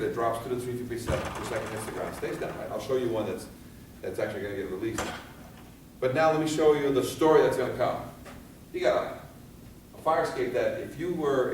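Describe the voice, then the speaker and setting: A man giving a fire safety seminar, animated and firing rhetorical questions at his audience, recorded in a seminar room. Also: medium pitch, a little hiss or hum. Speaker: fire escape safety instructor. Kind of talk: seminar lecture. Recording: echoey hall from far off.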